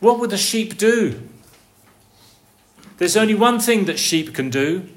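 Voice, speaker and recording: A man delivers a sermon in an unhurried, deliberate cadence, his voice sitting a little high for a man. He peppers the congregation with rhetorical questions, dropping to a near hush and then rising to a call. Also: animated. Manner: slow, earnest preaching with rhetorical questions; swings from soft, hushed lines to raised, calling ones. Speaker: preacher.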